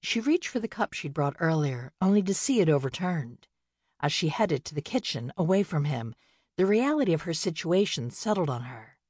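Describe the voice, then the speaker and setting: A woman narrating a novel in a steady, measured storytelling voice. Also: sits low, breathy edge, dry recording, clean studio sound. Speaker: audiobook narrator. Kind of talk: scripted narration.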